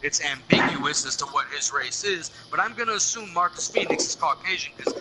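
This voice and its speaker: A man with a slightly high voice holds forth in casual podcast talk, blunt and profane. He presses each point hard. Loud background noise runs under his voice throughout. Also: lively intonation, brisk. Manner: blunt, profane and emphatic, ranting. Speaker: podcast host.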